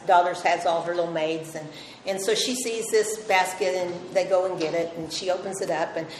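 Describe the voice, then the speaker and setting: A woman's voice: fairly low pitch, slight background noise. Older woman giving a chatty Bible talk in an echoey hall. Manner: chatty, storytelling, acts out quoted voices. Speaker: women's Bible study speaker. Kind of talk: informal Bible teaching. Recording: echoey hall, faint ambience.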